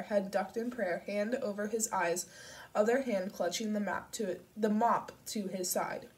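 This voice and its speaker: Brief: woman audiobook reader, steady and measured, mid-pitched, mic at a distance. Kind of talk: audiobook narration.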